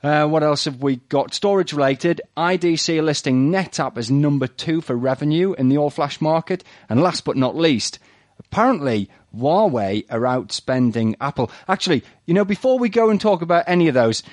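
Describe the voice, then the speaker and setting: A man hosting a casual tech news podcast, running through headlines in a brisk, joking way and tagging "right?" onto his lines. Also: a little high, animated, darkish tone, no echo. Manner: brisk, jokey, keeps adding "right?". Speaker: podcast host.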